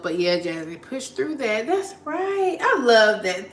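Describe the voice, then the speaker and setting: A woman's voice: fairly high pitch, sing-song, a little slow, slight background noise. Chatty encouraging woman in echoey room. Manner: chatty, encouraging, repeats phrases. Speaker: live-stream host. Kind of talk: casual chat reading viewer comments. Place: at home while cleaning.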